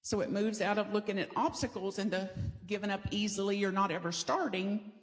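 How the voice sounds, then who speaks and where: A woman's voice: medium pitch, a little fast. Playful woman preacher from the South. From American South. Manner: conversational and playful, leads the congregation in call-and-response. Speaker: pastor. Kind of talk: sermon. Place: church sanctuary.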